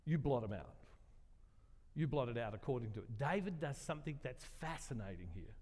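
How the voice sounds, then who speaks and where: A man's voice: mid-range voice, expressive, fairly quick, darkish tone, long reverb tail. An older man, preaching a sermon in a conversational way, questioning the congregation and joking about himself. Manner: conversational, asks the congregation questions, self-deprecating humor.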